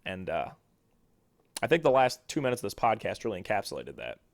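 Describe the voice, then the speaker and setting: A young man hosting a solo sports podcast, rambling excitably and poking fun at himself. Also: fairly low pitch, fairly quick, gravelly, dry recording, studio quality. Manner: rambling, excitable, self-deprecating. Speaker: podcast host.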